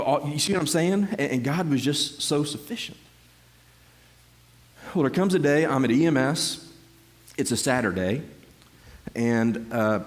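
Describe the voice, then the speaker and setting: A middle-aged man gives a personal testimony to a church congregation, telling the story in an animated way with many restarts and repeated words. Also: medium pitch. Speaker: church member giving a testimony.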